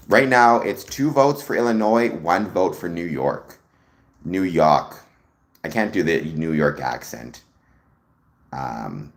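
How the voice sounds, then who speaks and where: A man from Canada, hosting a casual livestream, musing aloud and greeting viewers in chat with frequent ums. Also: on the low side. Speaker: livestream host.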